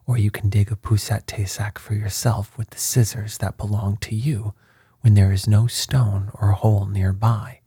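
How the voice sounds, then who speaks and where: A man voicing a young daughter in a storybook tale, speaking softly and half-whispered. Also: on the low side, little pitch movement, moderate pace, breathy edge, no echo, studio quality. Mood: coaxing. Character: gentle young daughter offering gifts.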